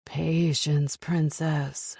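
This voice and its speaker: A woman narrator voicing a commanding, possessive male mafia lover in an audiobook, speaking in a low growl and purr. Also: level tone, extremely slow, gravelly, darkish tone, slightly rough, dry recording, studio quality, full character voice. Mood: husky, commanding.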